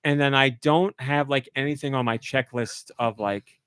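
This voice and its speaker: Male podcast host, casual storyteller, lively voice-acting of quotes, dry studio sound. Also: moderate pace, clean tone, no echo. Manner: animated storytelling, voices quoted lines in a high excited pitch. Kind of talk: casual chat.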